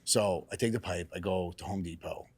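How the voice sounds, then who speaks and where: Low-voiced man telling a casual story. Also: fairly quick, breathy edge. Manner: animated, acts out quotes in raised excited voices; casual, swears freely. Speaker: salon and barbershop owner, guest.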